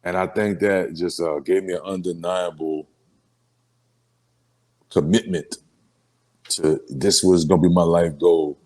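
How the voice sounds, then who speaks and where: A rapper from New Orleans, Louisiana in a casual sit-down interview, telling emotional stories in street slang and filler phrases. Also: male voice, very deep voice, a little mellow.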